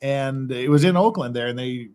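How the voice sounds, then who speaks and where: Male host, relaxed rambling chat, mid pitch, salty humor. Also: normal speed. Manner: rambling storyteller, swears freely, laughs often. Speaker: livestream host. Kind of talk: casual chat. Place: his house in Korea.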